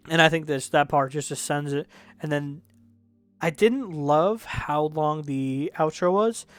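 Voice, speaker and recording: A man's voice: a little high, slow pace, pauses often, dry recording, faint music behind. A man reviewing songs in casual commentary, rambling and correcting himself, with the odd swear word. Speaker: music reviewer.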